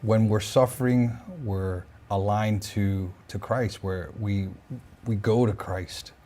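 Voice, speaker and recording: A man with a low voice hosts a parish talk, answering his guest with quick agreement. He speaks in a conversational, supportive manner. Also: fairly even intonation, mellow. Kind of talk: parish discussion.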